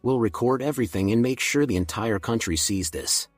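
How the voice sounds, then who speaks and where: An earnest, defiant young woman reporter pushes back against authority, as a man reads her part. The voice is husky and dry, at a middle pitch, with faint music behind it. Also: brisk, dry recording, close to an everyday voice. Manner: earnest protesting.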